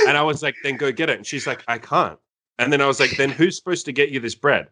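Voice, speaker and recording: A young man, a coach, telling a story in casual chat, animated and laughing, with many fillers. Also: fairly high pitch, a little fast, a little hiss or hum.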